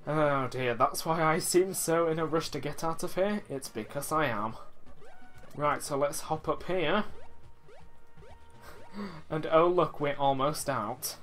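Man, gameplay commentary, chatty, self-mocking, slightly high voice, faint game music. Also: unhurried, pauses often, a bit bright. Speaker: let's play host.

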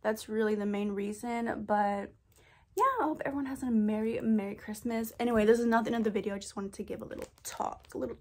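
A woman's voice: on the high side, steady tone, quick pace, mellow. A young woman vlogging in a chatty, playful way, calling her viewers girl. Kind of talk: casual vlog chat.

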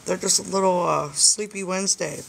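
A woman hosting a casual live stream with her pet chinchillas, coaxing them in soft baby talk and chatting to viewers. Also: fairly low pitch, steady tone, brisk, gravelly, slight background noise.

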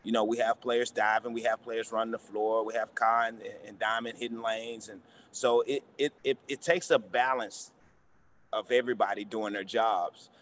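A man, a basketball coach, answering press questions in a halting way, repeating words and using many fillers. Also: lowish voice, level tone, fairly bright tone, a little hiss or hum.

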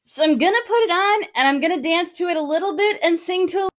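A woman's voice: very high-pitched, quick pace. A woman dance instructor teaching a live-streamed lesson, counting steps aloud as she dances and a bit out of breath. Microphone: single mic while moving around.

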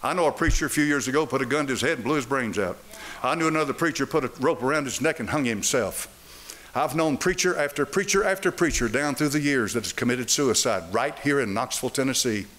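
A man's voice: mid-range voice, animated, fast talker, fairly bright tone. An older man preaching a sermon in church, firing rhetorical questions at the congregation. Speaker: pastor. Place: church sanctuary.

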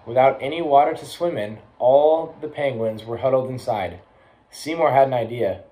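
A young man reading a children's picture book aloud to schoolchildren, lively, with quick voices for the characters. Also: mid-range voice, low-quality recording. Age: young adult. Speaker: college athlete reading aloud.

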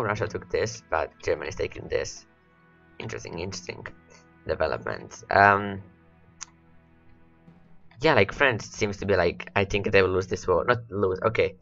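A man's voice: low-pitched, vocal fry, fairly bright tone, dull audio. A man rambling through gameplay commentary, his voice worn and cracking from hours of talking, repeating words as he talks to his units. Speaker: let's play host.

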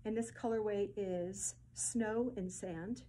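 A woman presents fabrics in a casual, gushing way, repeating her praise and pausing on ums. Her voice sits at an ordinary middle pitch. A faint hiss of noise runs under the recording. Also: fairly even intonation, warm tone, rough recording. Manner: effusive, gushing, repeats words, many ums. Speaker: host presenting fabric collection. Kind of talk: casual product showcase.

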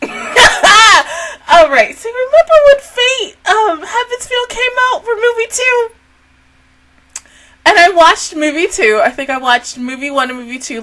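A woman hosting a casual anime reaction review. She is excitable, swears a lot, and breaks into laughter and outbursts. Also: on the high side, poor audio.

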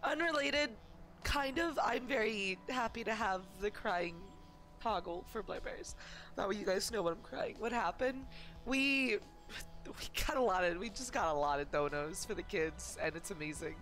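A woman streamer chats to her viewers in an emotional, gushing way, circling back on herself with fillers and restarts. Her pitch sits in an everyday middle range, and soft music plays quietly behind her. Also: expressive, normal speed. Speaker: livestreamer. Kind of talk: casual livestream chat.

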